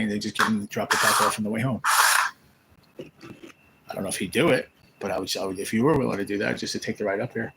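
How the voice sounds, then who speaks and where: Gravelly low-voiced man chatting on a live stream. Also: fairly even intonation, fast, long pauses, very noisy. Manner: rambling, storytelling, retells conversations. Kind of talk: casual live-stream chat. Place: rehab care facility room.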